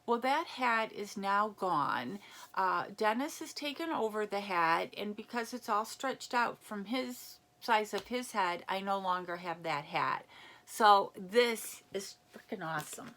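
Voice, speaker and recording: A woman chatting casually as she unboxes a gift package, reading labels aloud and reacting with excitement. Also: mid-range voice, unhurried. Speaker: unboxing vlogger. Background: crinkling packaging.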